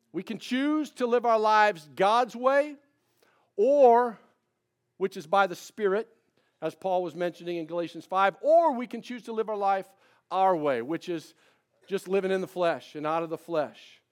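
A man, a pastor giving a folksy, conversational sermon with repeated refrains. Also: sits high. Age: 50s.

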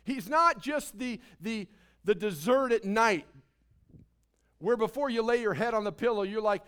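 High-voiced animated preacher man. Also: a little slow, clean tone. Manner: animated preaching, swinging from soft asides to loud emphasis. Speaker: pastor. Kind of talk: sermon.

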